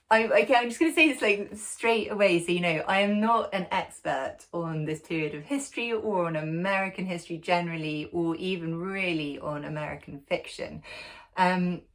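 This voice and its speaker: A woman hosting a book club, talking casually to camera from home with many ums, restarts and chatty asides. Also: lowish voice. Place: at home, sitting in a dog's bed.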